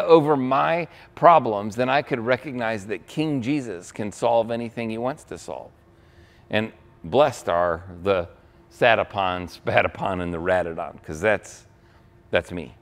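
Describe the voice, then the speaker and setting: A young adult man preaching a sermon as pastor, conversational, often checking in with the congregation with quick asides. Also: mid-range voice.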